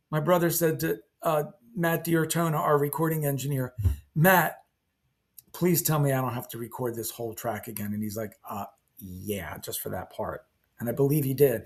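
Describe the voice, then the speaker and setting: An older man, a band's guitarist, casually telling rambling, animated anecdotes with sound effects while seated indoors. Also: a little high. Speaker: band guitarist. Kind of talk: casual storytelling to camera.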